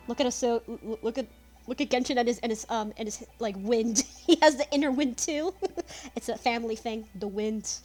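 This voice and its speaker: Young female let's-player, excitable and foul-mouthed, higher pitched. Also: fairly quick, soft background music. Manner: excitable, swears, laughs a lot. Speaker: let's play gamer. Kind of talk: casual gameplay commentary.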